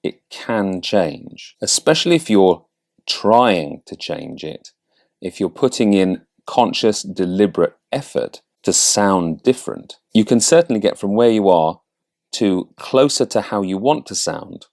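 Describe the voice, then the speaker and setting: A man's voice: on the low side, lively intonation, measured pace, creaky, darkish tone. A man accent coach, raised in Canada, speaking neutral British English in a reflective, easygoing talk to camera. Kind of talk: talking to camera.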